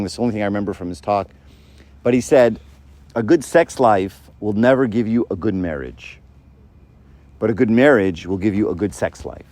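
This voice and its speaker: A man's voice: fairly low pitch, darkish tone. Chatty man giving a faith talk. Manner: conversational, keeps asking "right?"; acts out quoted voices.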